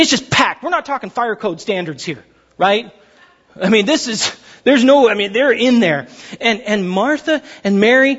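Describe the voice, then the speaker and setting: A man preaching a sermon in a lively, conversational way, acting out the voices of the people in his story. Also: very high-pitched, slightly rough, lo-fi sound. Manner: animated, acts out voices of characters. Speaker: pastor.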